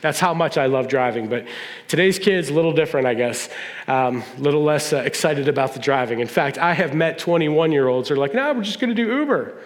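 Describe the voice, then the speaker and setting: Middle-aged pastor, humorous storytelling. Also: male voice, medium pitch, brisk. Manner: humorous, acts out family dialogue. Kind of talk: storytelling sermon. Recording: long reverb of a large hall.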